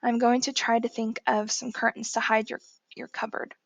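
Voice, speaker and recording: A woman reading an audiobook, voicing a gentle young woman who speaks in a calm, reassuring way. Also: fairly high pitch, moderate pace, gravelly, no room sound. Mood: soothing.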